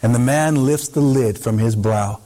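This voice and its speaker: A man narrating a story in the second person in an expressive, dramatic way, pausing for effect. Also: mid-range voice.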